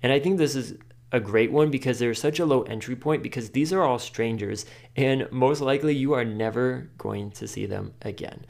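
A man hosting a podcast, giving casual advice in a chatty way, full of "like" and quick laughs. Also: medium pitch, gravelly, darkish tone. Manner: chatty, filler-heavy with frequent "like", laughs often. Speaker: podcast host.

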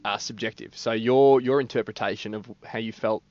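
A man's voice: fairly low pitch, steady tone, brisk, a little mellow, muffled recording. A man with an Australian accent, co-hosting a radio show in casual, jokey banter and calling his partner mate. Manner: laid-back, jokey, says mate a lot. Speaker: radio co-host.

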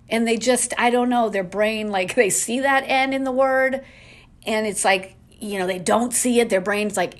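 A woman's voice: on the high side, normal speed. A woman hosting a casual solo podcast from home, ranting in an exasperated way with lots of rhetorical questions. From New England. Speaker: podcast host.

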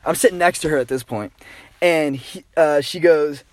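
A young man casually telling an anecdote, animated and swearing, saying dude a lot. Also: a little high, normal speed, no room sound. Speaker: storyteller guest.

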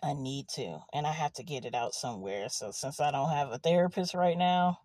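A woman's voice: sits low, brisk, darkish tone, dry recording. A young woman vlogging casually from a car in an empty parking lot, rambling and laughing as she tells a story. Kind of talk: casual confessional vlog.

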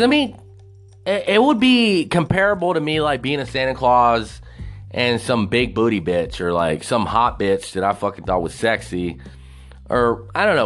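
A man's voice: medium pitch, fairly bright tone. A man hosting a podcast alone, rambling and swearing a lot, laughing at his own jokes. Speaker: podcast host. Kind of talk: casual solo podcast rant.

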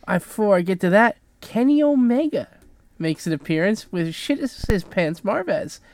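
A man's voice: high voice, lively intonation, normal speed, darkish tone, no echo. A man co-hosting a podcast, chatting casually and joking about wrestling and tools. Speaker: podcast co-host. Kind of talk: casual chat.

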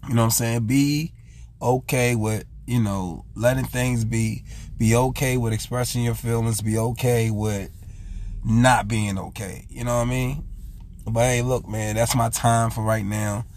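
A man with a medium-pitched, darkish voice speaks at a measured pace in a steady tone, with a little hiss or hum in the background. Hosting his own vlog, he talks earnestly and casually about raising his son, a heartfelt monologue where he keeps repeating "I said" as he retells conversations.

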